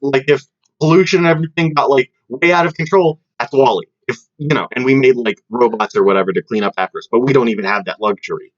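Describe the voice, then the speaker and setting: A young man co-hosting a podcast in casual chat, rambling and animated with lots of fillers and restarts. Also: medium pitch, quick pace. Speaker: podcast co-host. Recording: dull lo-fi podcast audio.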